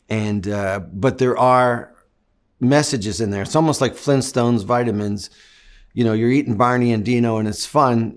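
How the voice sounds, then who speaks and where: A middle-aged man from Canada, an actor giving long, reflective interview answers. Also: mid-range voice. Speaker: actor guest.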